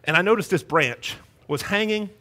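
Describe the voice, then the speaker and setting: Middle-aged male pastor, bright, slightly high voice, animated storytelling sermon in a church. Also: moderate pace. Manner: storytelling, animated, shifts between hushed and emphatic. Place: church sanctuary.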